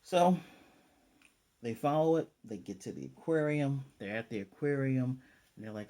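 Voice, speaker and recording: A young man casually recapping a cartoon episode, rambling and slipping into quick quoted asides. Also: medium pitch, animated, dark tone. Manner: rambling, retells scenes with quick voiced asides. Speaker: anime reviewer.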